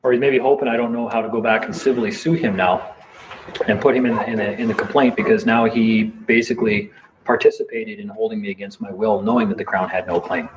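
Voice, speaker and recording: A man's voice: lowish voice, fairly even intonation, fast. A man telling a heated, defiant story in a casual late-night chat, swearing freely. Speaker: live stream participant. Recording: dull lo-fi sound with faint noise.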